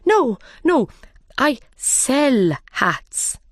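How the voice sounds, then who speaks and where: A woman doing a jittery, high-voiced hatter. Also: sing-song, very slow, no echo, studio quality, exaggerated voice. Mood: nervous. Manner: high, anxious and pleading. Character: nervous, frightened male hatter on trial.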